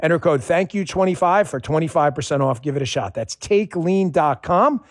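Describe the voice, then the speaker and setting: A man's voice: a little high, lively intonation, moderate pace. A man giving a radio ad endorsement in a conversational, emphatic manner, repeating key points. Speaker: product endorser. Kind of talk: radio ad read.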